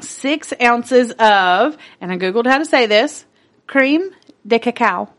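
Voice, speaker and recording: A woman's voice: fairly high pitch, animated, takes it slowly, fairly bright tone. A young woman co-hosting a podcast in casual chat, giggly and playful, swearing now and then. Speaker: podcast co-host.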